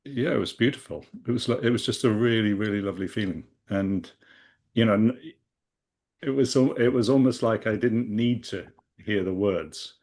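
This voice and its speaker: Lowish man on a video call, hesitant, lots of restarts. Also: moderate pace, a little mellow. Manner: hesitant, searching for words. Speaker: call participant. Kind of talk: casual sharing on a group call.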